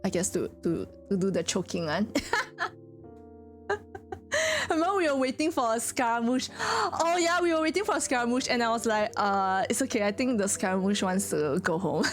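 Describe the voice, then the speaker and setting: A woman's voice: medium pitch, normal speed, faint music behind. A woman streamer chatting casually with her viewers, telling stories with lots of giggling. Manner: giggly, animated storytelling with frequent laughter.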